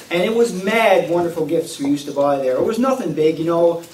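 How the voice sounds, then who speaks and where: A middle-aged man with a Newfoundland accent telling a personal story to a live audience in a folksy, animated way, recorded at a community event. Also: high voice, fast talker, hardly any pauses. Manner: folksy, warm-hearted, lively with laughs. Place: community hall at a Christmas event. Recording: echoey room, mic at a distance, faint noise.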